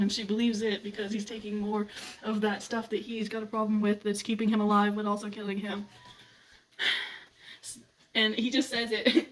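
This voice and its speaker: A young adult woman gushing and giggling as she rants about books she loves in a casual vlog. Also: fairly high pitch. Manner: gushing, giggly, animated retelling. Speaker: book vlogger. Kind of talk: excited casual book rant. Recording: slightly distant mic with faint background noise.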